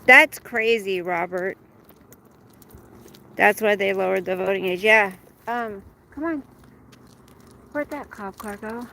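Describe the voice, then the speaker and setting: A woman's voice: medium pitch, slow pace, creaky, long pauses, sharp tone, low-quality recording. A woman chatting casually while walking her dog, venting about work and breaking off to coax the dog along. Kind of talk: casual chat. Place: outdoors on a street.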